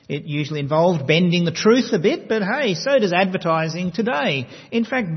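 A man preaching a sermon, measured and emphatic, slowing down to stress key words. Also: high voice, husky. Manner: measured, emphatic delivery with slow stressed phrases. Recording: long reverb, dull lo-fi sound.

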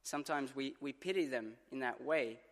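A man's voice: mid-range voice, normal speed. A man preaching a sermon as pastor, telling stories earnestly and acting out what others said. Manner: earnest storytelling with dramatized quotes. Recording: long church reverb.

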